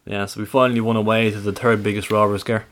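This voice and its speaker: A man's voice: on the low side, little pitch movement, fast talker, fairly bright tone. A man co-hosting a fan podcast, teasing and joking. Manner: jokey, teasing. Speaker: podcast co-host. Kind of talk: casual chat.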